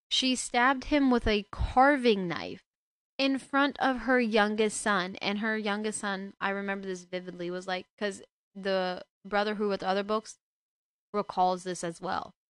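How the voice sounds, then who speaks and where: A woman's voice: medium pitch, a bit bright, clean tone, dry recording. A woman hosting a casual book talk, retelling a story with emotional, indignant asides. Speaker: book discussion host.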